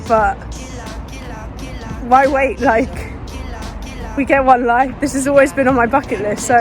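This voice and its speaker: A woman vlogging while running on a street, out of breath with a dry mouth, talking into a phone she holds, rambling and earnest. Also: sits high. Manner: rambling, earnest, restarts often. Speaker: fitness vlogger. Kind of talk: casual vlog while running. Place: outdoors on a street. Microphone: phone held in hand.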